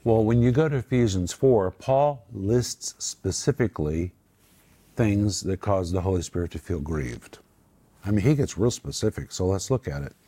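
A man's voice: deep voice, expressive, normal speed, mellow. A man co-hosting a Christian talk show, teaching a Bible passage in an earnest, emphatic way and drawing out his key words. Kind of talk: sermon-like teaching.

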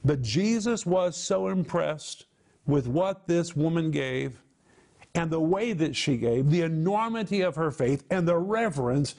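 Brief: male TV Bible teacher, emphatic and explanatory, a little higher-pitched than most men. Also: lively intonation, unhurried, creaky, a little mellow. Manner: emphatic, explains word meanings, repeats for stress.

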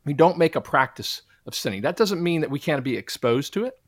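A man's voice: fairly high pitch, expressive, a little fast, no echo, studio quality. A man giving a testimony in an interview, earnest and preacherly, often quoting scripture. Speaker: guest, Christian minister.

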